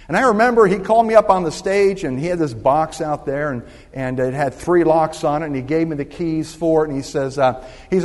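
A man's voice: medium pitch, darkish tone. Older man preaching in an echoing church. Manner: storytelling, call-and-response with the congregation. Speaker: pastor. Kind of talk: sermon. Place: church sanctuary. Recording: long hall reverb.

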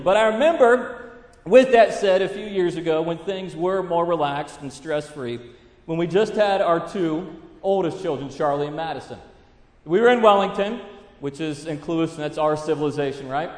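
A man's voice: sits high, lively intonation, normal speed, darkish tone. A man in his thirties preaching a sermon, earnest and mixing in family stories. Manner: earnest preaching with storytelling asides. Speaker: pastor. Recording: echoey hall reverb.

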